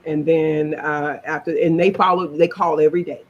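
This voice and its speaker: A woman's voice: low-pitched, steady tone, fairly quick, dull audio, a little hiss or hum. A middle-aged woman, telling her own story in a chatty interview and laughing as she goes. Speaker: interview guest.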